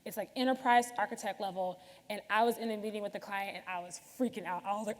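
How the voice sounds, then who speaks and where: A woman's voice: medium pitch, steady tone, quick pace. A woman giving a conference keynote, talking candidly and chattily straight to the audience. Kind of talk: conversational keynote talk. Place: large conference hall. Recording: reverberant hall.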